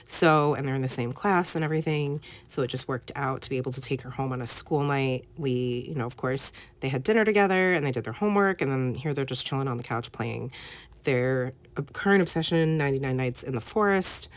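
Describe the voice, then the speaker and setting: A woman's voice: extremely low pitch, fairly quick. A woman in her thirties talking casually over her scrapbooking, full of ums and likes. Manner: chatty, many fillers like "um" and "like". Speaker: scrapbooking vlogger. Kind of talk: casual voice-over while crafting.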